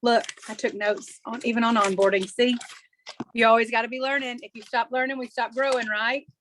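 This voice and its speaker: A woman's voice: fairly high pitch, steady tone, brisk, fairly bright tone, a little hiss or hum. A woman on a video call, speaking in an upbeat, encouraging way to her team. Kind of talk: casual chat on a video call.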